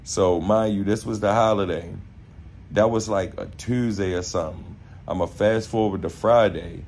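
A young man with a Baltimore accent telling a casual story, animated and profane, acting out quotes in street slang. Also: lowish voice, normal speed, a little hiss or hum. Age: young adult.

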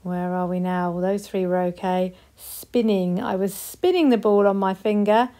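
British teacher woman, slow and clear. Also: medium pitch, dark tone. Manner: slow, clear, encouraging, models example sentences. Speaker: primary school teacher. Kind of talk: recorded classroom lesson for young children.

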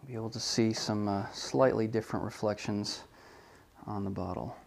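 A man's voice: on the low side, moderate pace, creaky, a little hiss or hum. A man giving a hands-on product photography tutorial, talking through each step casually and correcting himself as he goes. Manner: relaxed, thinking aloud with frequent ums and self-corrections.

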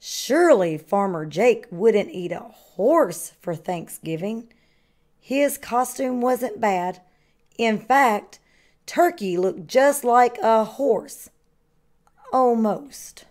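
Slow, expressive storytelling woman. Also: on the high side. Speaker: kindergarten teacher. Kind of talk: children's read-aloud narration.

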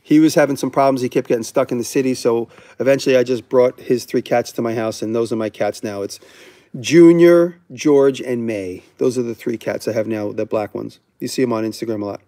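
Guy doing a loose live q&a, kinda rambly, cuts himself off a lot, dark relaxed voice. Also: medium pitch, fairly quick. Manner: rambling, self-interrupting, candid. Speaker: host answering viewer questions. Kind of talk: casual livestream Q&A.

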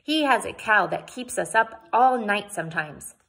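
A woman reading aloud and voicing an excited, chattering little girl who speaks proudly and bluntly. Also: medium pitch, moderate pace, creaky. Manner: eager, breathless chatter.

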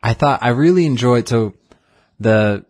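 A man's voice: mid-range voice, unhurried, darkish tone, no room sound, clean studio sound. A man hosting a casual movie podcast, chatty, retelling scenes and quoting lines as he goes. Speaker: podcast host.

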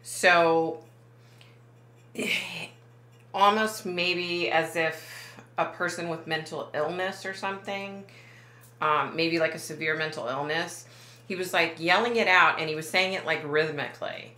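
Talking to camera in an echoey room, this psychic medium has a fairly low, pushed, bright voice and a measured pace. Her delivery is casual and meandering, packed with fillers and frequent self-corrections as she backtracks.

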